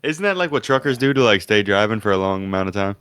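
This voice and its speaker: A young man co-hosting a comedy podcast, animated and slangy, swearing in casual banter. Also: lowish voice, fast talker, smooth, dry recording, clean studio sound.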